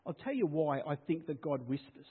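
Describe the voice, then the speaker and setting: A man preaching a sermon as pastor, swinging from loud declarations down to a hushed near-whisper. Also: a little high, big pitch swings, moderate pace, breathy edge. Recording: tinny phone-like sound.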